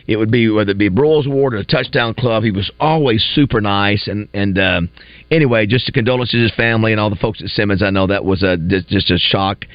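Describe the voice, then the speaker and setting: Male morning radio host, casual and rambling, middle pitch, dull dry studio sound. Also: fast, no echo. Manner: rambling, restarts, lists names with rising emphasis.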